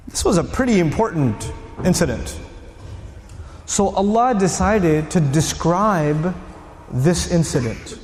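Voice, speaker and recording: Animated male preacher in echoey hall. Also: sits high, takes it slowly. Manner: animated storyteller who acts out scenes. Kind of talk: sermon lecture.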